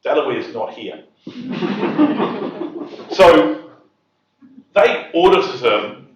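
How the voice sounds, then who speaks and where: A man's voice: on the high side, big pitch swings, extremely slow, background noise. A man telling a humorous story to an audience at a property investors' event, chuckling at his own punchlines. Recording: echoey hall, distant mic, dull sound.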